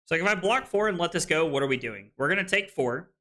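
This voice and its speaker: A man's voice: on the high side, expressive, fast talker, sharp tone. A man casually commentating his own card game on a live stream, frustrated and swearing, with hiccups and something stuck in his throat.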